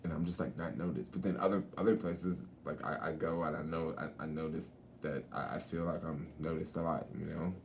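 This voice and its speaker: A man's voice: rumbling low, fairly even intonation, a little fast, vocal fry, a little mellow, a little hiss or hum. A man chatting casually in a vlog, laid-back and slangy, swearing and laughing often, talking outdoors at a beach. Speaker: vlogger. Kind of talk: casual rambling chat.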